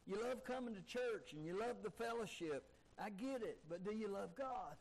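A man's voice: high voice, expressive, moderate pace, darkish tone, rough recording. A man preaching a sermon emphatically, driving his points home with repeated rhetorical questions. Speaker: pastor.

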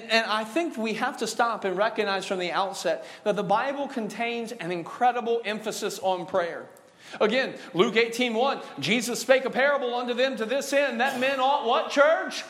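A man's voice: very high-pitched, a bit bright. A male pastor preaching a sermon, joking with the congregation and calling for responses, stretching out key words. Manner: call-and-response preaching, drawn-out emphasis; jokey, laughing asides. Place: church sanctuary.

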